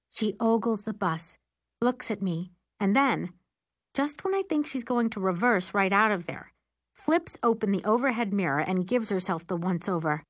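A woman narrating an audiobook in first person as an excitable, meddling teenage girl with a wry, lively manner. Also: mid-range voice, normal speed, dry recording, clean studio sound.

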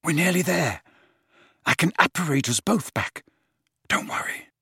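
A man's voice: mid-range voice, sing-song, unhurried, a bit bright, husky, dry recording, studio quality, exaggerated voice. Man doing a panting, anxious teenage boy. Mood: urgent. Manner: panting, urgent, pleading. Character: anxious teenage boy wizard, loyal and brave. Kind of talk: audiobook character reading.

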